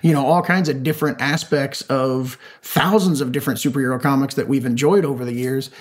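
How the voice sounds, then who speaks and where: A man as an interview guest, an animated storyteller who acts out quotes and uses many fillers. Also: medium pitch, a little fast. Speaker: comic creator guest. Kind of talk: casual interview talk.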